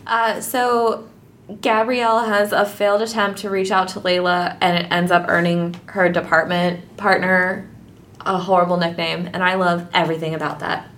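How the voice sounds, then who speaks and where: A woman's voice: lowish voice, little pitch movement, moderate pace, fairly bright tone, slight background noise. A woman co-hosting a casual book podcast. She talks animatedly, laughs often and fills her sentences with "like". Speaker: podcast co-host.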